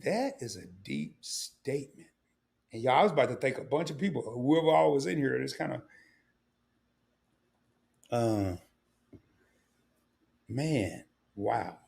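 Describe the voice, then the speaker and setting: Gravelly-voiced older man hosting a livestream. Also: mid-range voice, sing-song, a little slow, pauses often, a little mellow. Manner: candid, rambling, emotional. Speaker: livestream host. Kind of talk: casual livestream talk.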